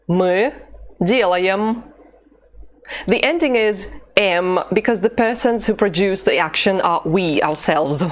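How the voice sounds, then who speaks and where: A woman teaching an online language lesson, pronouncing drill phrases slowly and deliberately. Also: medium pitch. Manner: slow, deliberate drill pronunciation.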